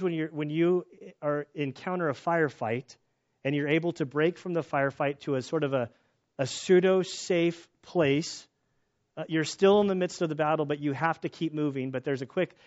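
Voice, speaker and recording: Male pastor, earnest and candid, raised pitch, somewhat winded, restarts a lot, muffled low-fi recording. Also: normal speed, a little mellow. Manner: earnest, candid, restarts often, voice rises when emphatic. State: out of breath. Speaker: pastor teaching through scripture. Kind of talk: expository sermon. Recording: dull lo-fi sound.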